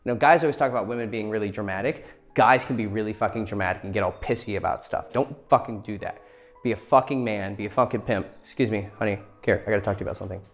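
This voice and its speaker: A man's voice: lowish voice, fast, soft background music. A man giving blunt, profane dating advice in a casual lecture, acting out quoted lines as he goes.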